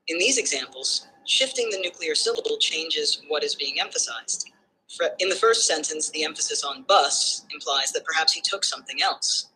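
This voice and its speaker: A text-to-speech assistant voice giving smooth, structured explanations in numbered points. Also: mid-range voice, sharp tone, low-quality recording. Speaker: AI assistant answering questions.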